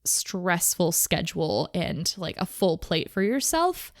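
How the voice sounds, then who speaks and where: A young woman hosting a podcast, talking candidly and casually, often in quick bursts peppered with "like". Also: lowish voice, sing-song, no room sound, clean studio sound. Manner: chatty, candid, fast bursts with frequent "like". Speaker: podcast host. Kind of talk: casual personal talk on mental health.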